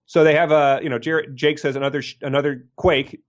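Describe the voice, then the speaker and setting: A man's voice: a little high, fairly even intonation, brisk, lo-fi sound. A man co-hosting a casual book podcast, rambling and joking and laughing often. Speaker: podcast co-host.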